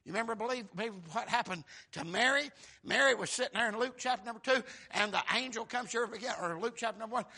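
Fervent preacher with a gravelly edge. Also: male voice, extremely high pitch, quick pace. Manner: fervent preaching, bursting into shouts. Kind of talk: sermon.

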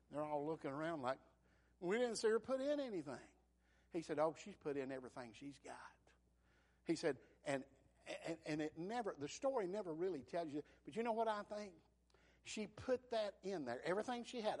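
A man preaching a fervent sermon, surging loud and then dropping soft. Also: fairly high pitch.

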